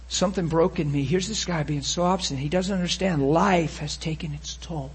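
Raspy high-voiced preacher man. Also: fairly even intonation, a little fast. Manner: emotional storytelling, swinging from loud to hushed. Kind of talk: sermon testimony.

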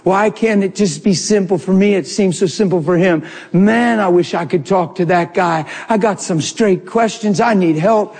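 A man's voice: sits high, normal speed, hardly any pauses, darkish tone, husky. A man voicing a distraught young man praying desperately as he drives. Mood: pleading. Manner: desperate, pleading. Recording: long hall reverb.

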